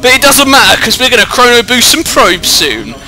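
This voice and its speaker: British teen guy casting a game, bright sharp voice, goofy and self-mocking, headset mic. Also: very high voice, lively intonation, brisk. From Britain. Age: teens. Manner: jokey, rambling, self-mocking. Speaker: gameplay commentator. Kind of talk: live game commentary. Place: indoors at home, away from the usual recording spot.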